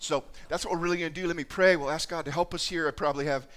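A man preaching a sermon as pastor, talking earnestly and haltingly, often restarting and repeating words as he goes. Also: on the high side, steady tone, a bit bright. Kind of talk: sermon with spoken prayer.

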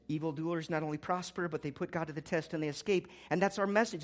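A man preaching a sermon as pastor, swinging between quiet, low asides and loud, urgent exclamations. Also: animated, fast talker.

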